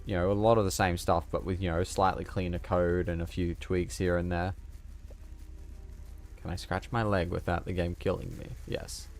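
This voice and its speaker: Aussie guy with a real low voice, cracking jokes at chat while he plays, bit of game music under it. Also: flat delivery, moderate pace. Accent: Australian. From Australia. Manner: joking, self-mocking, chatting with viewers. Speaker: gaming streamer. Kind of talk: casual live gameplay commentary.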